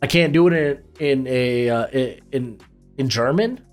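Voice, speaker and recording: A man's voice: medium pitch, a little slow, soft background music. A man giving casual football commentary as host, loose and rambling with lots of fillers and restarts.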